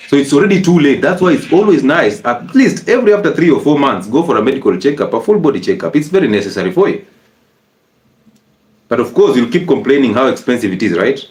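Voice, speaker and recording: A man giving a lively health talk, animated and teasing, with rhetorical questions. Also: medium pitch. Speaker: health educator. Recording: echoey room.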